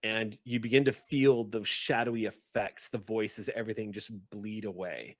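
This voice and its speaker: A man running a tabletop game as game master, narrating in a halting way as he searches for words. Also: lowish voice, fairly even intonation, dry recording.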